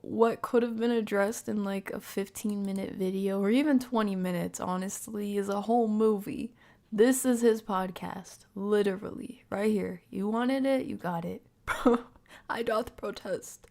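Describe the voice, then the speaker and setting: Gravelly-voiced woman streamer, whispery asides. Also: medium pitch, normal speed. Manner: drops into soft whispered asides, frequent laughs. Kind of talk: live reaction stream commentary.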